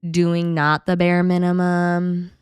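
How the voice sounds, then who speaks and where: A woman's voice: lowish voice, slow, clean tone, no echo. A young woman, a podcast guest, telling her own story candidly and acting out what people said, often laughing. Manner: animated, acts out quotes with laughter.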